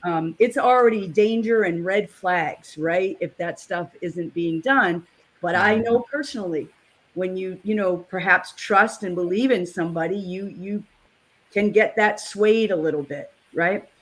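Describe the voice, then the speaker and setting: A woman's voice: lowish voice, unhurried. A woman with a New England accent in a casual panel discussion, talking earnestly and emphatically, often repeating words as she starts a thought.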